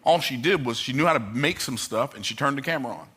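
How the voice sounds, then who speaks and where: Forceful, emphatic male motivational speaker. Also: mid-range voice, expressive, fast talker, husky. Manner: emphatic, repetitive, joking. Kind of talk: motivational talk.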